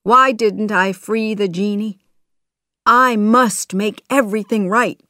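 A woman reading aloud, voicing a brave, quick-witted young man from the streets, defiant and raised in a storybook. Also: medium pitch, fairly even intonation, sharp tone, no room sound, studio quality, pitched above the performer's own voice. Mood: worried.

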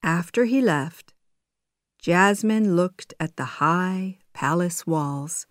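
A woman narrating a graded reader story, reading slowly and carefully for learners. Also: lowish voice, dry recording, studio quality.

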